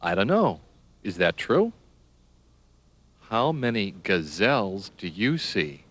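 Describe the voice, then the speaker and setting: A man doing scripted narration for young children, speaking in a slow, sing-song, encouraging way and spelling words out letter by letter. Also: on the low side, sing-song, fairly bright tone.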